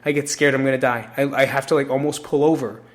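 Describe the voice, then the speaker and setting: In a fast, steady, medium-pitched voice, a New Jersey podcast host talks directly to his listeners in a casual solo show. He's candid and emotional, and he swears plenty along the way.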